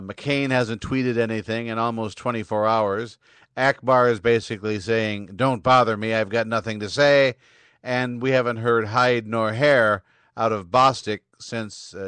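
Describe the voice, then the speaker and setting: A male podcast host signing off in a casual way, with sardonic commentary and a loose, halting delivery. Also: fairly low pitch, a bit bright, clean tone, no echo. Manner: sardonic, mocking political commentary. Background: music bed.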